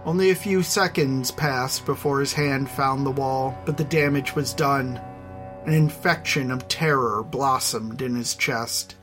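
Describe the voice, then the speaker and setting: An audiobook narrator reading a fantasy story in a measured, even storytelling voice. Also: mid-range voice, soft background music. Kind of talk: scripted narration.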